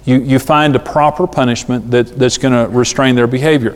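A middle-aged man preaching a sermon on parenting, animated and acting out the voices he quotes. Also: mid-range voice, brisk. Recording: long hall reverb.

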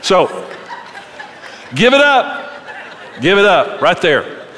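A middle-aged man giving a conversational sermon as a pastor, animated and joking as he tells stories. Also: high-pitched, slow pace, a faint crowd, a little hiss or hum. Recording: long reverb of a large hall.

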